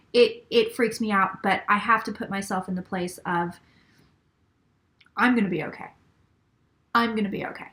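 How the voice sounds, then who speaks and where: This psychic reader, a middle-aged woman with a medium-pitched, fairly bright voice, channels messages for her reading. She repeats phrases as she relays them and at times lowers her voice to a whisper.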